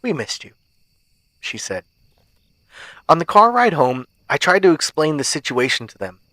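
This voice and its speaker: A man's voice: on the high side, very animated, bright, forceful tone, no room sound. Man reading a horror story, dry sound. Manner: measured, suspenseful first-person telling. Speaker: podcast host and narrator.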